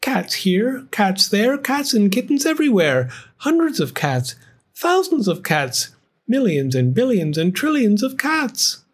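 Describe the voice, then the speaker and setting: Man putting on a very old storybook woman, high-pitched, exclaiming, worried, husky. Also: huge pitch swings, a little slow, full character voice. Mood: dismayed.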